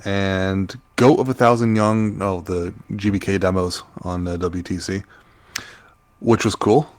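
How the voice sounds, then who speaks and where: Man, low register, podcast co-host, casual and halting, lots of ums. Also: fairly even intonation, darkish tone. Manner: halting, many fillers while recalling names. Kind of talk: casual chat.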